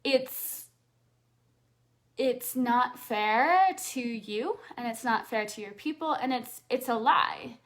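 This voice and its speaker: A woman with a slightly high voice gives a live coaching talk and takes her time over every phrase. She is earnest and repeats key lines for weight. When she guides the audience through affirmations, she sinks into a soft hush. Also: expressive, takes it slowly.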